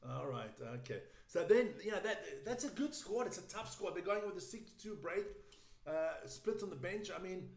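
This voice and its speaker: High-voiced, brash man. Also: lively intonation, normal speed, echoey room. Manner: brash, teasing, swears freely. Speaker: podcast co-host. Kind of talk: casual chat.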